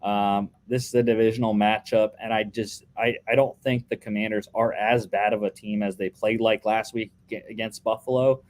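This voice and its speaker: A man's voice: lowish voice, flat delivery, normal speed, few pauses, a little mellow. A young man co-hosting a casual sports podcast, chatting through his football picks with lots of fillers and restarts.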